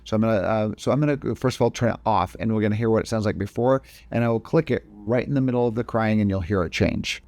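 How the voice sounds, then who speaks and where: Speaking fast with few pauses, a man with a lowish, slightly mellow voice explains video editing one step at a time in a casual screen recording. He keeps stopping to fix what he just said.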